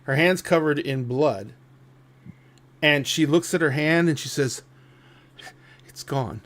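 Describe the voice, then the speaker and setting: A man narrating a tabletop game as game master, thoughtful and unhurried. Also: fairly high pitch, a bit bright. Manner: slow, thoughtful, with restarts.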